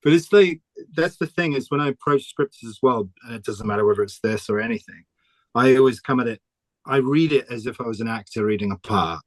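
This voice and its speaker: A man, a comic artist talking casually in an interview, chatty and quick to laugh. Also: medium pitch, no room sound. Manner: chatty, laughs often, restarts sentences.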